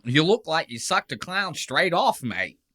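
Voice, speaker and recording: A man's voice: fairly high pitch, very animated, unhurried, sharp tone, voice pushed up, full character voice. Mock Aussie heckler, crude and drawling, a man putting on the voice. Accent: Australian, mock. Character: Australian man mocking a comic, crude drawl.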